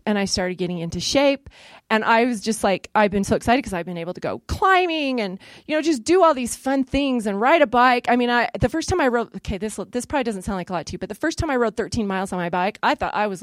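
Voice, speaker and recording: A middle-aged woman telling a personal story to an audience, lively and self-deprecating, acting out what she and others said. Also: mid-range voice, fast talker, dry recording. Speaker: speaker sharing a personal story. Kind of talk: personal testimony talk to an audience. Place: in front of a live audience.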